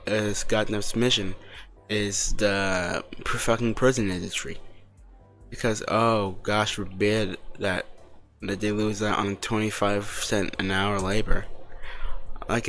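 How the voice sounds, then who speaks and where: A man's voice: on the low side, fairly bright tone. A man voicing a bitter young character who rants heatedly and swears about heroes.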